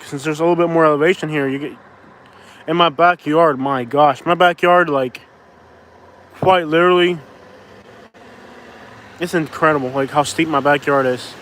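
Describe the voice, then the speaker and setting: A man's voice: a little high, fairly bright tone, slight background noise. Rambling young man vlogging outdoors. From Florida. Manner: rambling, heavy use of "like", restarts. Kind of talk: casual walk-and-talk vlog. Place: outdoors on a street. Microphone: phone on a handheld stabilizer.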